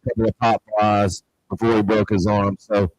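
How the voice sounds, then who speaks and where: A man's voice: lowish voice, little pitch movement, moderate pace, slight background noise, rough recording. A middle-aged man, a show host, talking in a heartfelt, rambling way and getting emotional. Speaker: show host and restaurant owner. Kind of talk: casual chat.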